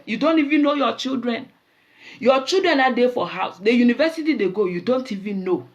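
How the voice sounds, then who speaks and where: A woman with a Nigerian accent hosting a show, telling animated stories in a casual monologue and slipping into pidgin. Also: high-pitched, brisk, highs cut off. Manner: animated storyteller mixing in pidgin. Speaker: show host.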